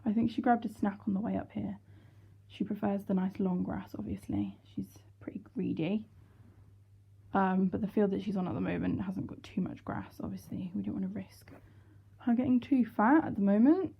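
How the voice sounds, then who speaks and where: Speaking at a moderate pace in a mid-range voice that's slightly rough with vocal fry, a woman narrates her horse-riding vlog. She's chatty and rambling, often putting herself down, and the audio is dull and lo-fi with faint noise.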